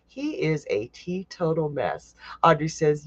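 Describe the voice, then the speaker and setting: A psychic hosting a live stream talks slowly, with a voice that rises and falls a great deal. The delivery is chatty and blunt, with free swearing as the cards are read. The recording is dry and a little dull, like lo-fi stream audio. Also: medium pitch, very animated, dry recording. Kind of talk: live tarot reading, casual chat.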